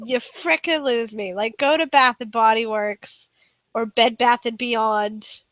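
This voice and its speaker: A woman's voice: fairly high pitch, fairly even intonation, a little slow, a bit bright, no room sound. A woman co-hosting a comedy podcast, chatting casually with giggly, profane, exasperated ranting. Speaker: podcast co-host.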